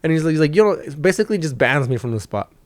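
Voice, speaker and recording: A man's voice: a little high, very fast, dry recording. A young man and stand-up comic hosting his own podcast, telling a rambling, profane story in casual chat. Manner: profane, rambling, animated when quoting people.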